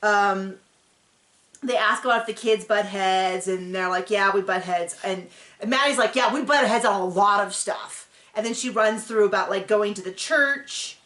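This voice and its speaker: A woman hosts a casual recap, talking loosely with plenty of ums and likes. Her tone runs sarcastic and chatty, at an ordinary middle pitch. The room around her rings with echo. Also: a bit bright. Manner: chatty, sarcastic, full of fillers. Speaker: recap show host.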